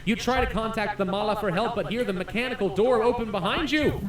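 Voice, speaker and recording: A man playing a game on video, excitedly reading its story text aloud and reacting with laughs. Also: high-pitched, fairly quick, roomy sound, far from the mic, faint music behind. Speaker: gaming YouTuber.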